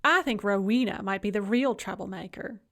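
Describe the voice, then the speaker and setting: A woman's voice: medium pitch, moderate pace, vocal fry, a bit bright. A woman narrating an audiobook, voicing a doting, shrewd old grandmother with a fond, drawling, teasing manner. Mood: chatty. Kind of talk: audiobook character voice.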